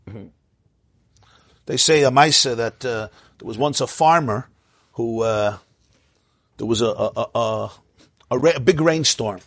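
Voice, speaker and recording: Husky guy giving a torah class, dry close sound, tells stories with lots of uh's. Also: on the high side, dry recording. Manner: storytelling, mixes Hebrew and Yiddish terms, fillers. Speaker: Torah teacher.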